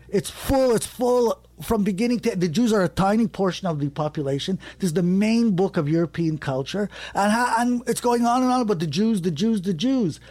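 A man spins a personal story with lively, restless energy. His voice sits a bit high and leaps higher when he is excited, and he often restarts mid-phrase. The sound is close and dry, with no room around it. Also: no echo. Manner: animated, rising sharply when excited, with self-corrections. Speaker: storyteller guest. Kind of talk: conversational anecdote.

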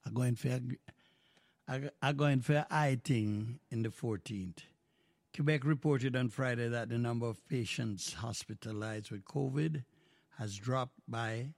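Older Jamaican man, radio host, slow and gravelly, dry close studio mic, rambling patois-tinged chat. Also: medium pitch, darkish tone, no room sound. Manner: rambling, folksy, mixes patois into talk.

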